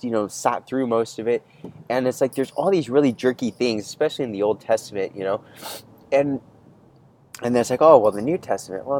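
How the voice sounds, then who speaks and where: Rambling animated male podcast host. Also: medium pitch, poor audio. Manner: rambling, animated, self-interrupting. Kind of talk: casual storytelling monologue.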